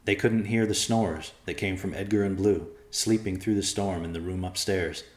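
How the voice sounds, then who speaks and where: A man narrating a dark story in a steady, dramatic audiobook reading, recorded in an echoey room. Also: low voice, moderate pace.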